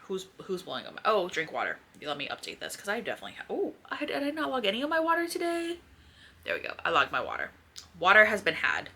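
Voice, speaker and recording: Her medium-pitched voice swoops wildly, fast, bright and forceful, over slight background noise. At home by her bookshelves, the book vlogger chats and rambles to a camera in front of her, letting the odd swear slip.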